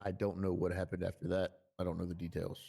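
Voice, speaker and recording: A man speaking in a role-play stream, halting and earnest, with many fillers. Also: low voice, level tone, vocal fry, warm tone, breathy edge. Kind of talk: in-character role-play chat.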